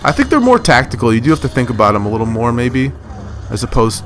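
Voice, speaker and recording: A man's voice: mid-range voice, sing-song, fast, fairly bright tone. A man giving casual, rambling commentary over his own gameplay footage, full of fillers and self-corrections. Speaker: gaming commentator.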